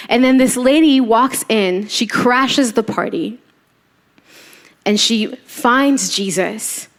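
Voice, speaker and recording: A woman delivers a church sermon in an easy, conversational way. Her voice sits a little high, and she brings the quoted lines to life as she tells the story. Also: takes it slowly. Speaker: preacher.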